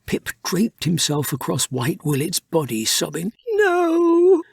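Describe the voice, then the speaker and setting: Husky unhurried male audiobook narrator. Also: on the high side, no echo, studio quality. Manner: lively, unhurried reading. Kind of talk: scripted storybook narration.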